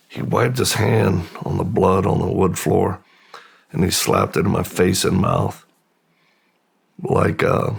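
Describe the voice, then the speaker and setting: A middle-aged American man, a podcast guest, slowly and haltingly recounting a painful memory in a subdued, gravelly voice. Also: sits low. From United States. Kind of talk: personal storytelling in interview.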